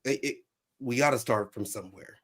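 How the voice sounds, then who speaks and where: A man's voice: medium pitch, a little fast, a bit bright. A man co-hosting a casual podcast chat, talking animatedly and acting out lines he quotes. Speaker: podcast co-host.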